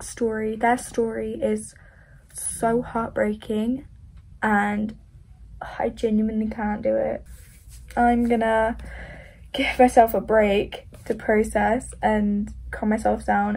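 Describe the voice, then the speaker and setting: A woman's voice: fairly high pitch, a little mellow. A young woman vlogging about her reading, talking casually and emotionally, sometimes close to tears. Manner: emotional, gushing, tearful at times. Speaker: book vlogger.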